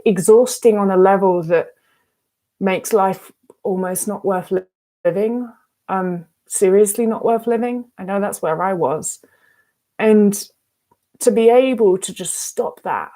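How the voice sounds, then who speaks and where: A woman's voice: medium pitch, dark tone. A woman, giving frank, emphatic advice as a recovery coach in a casual vlog and swearing freely. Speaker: eating disorder recovery coach.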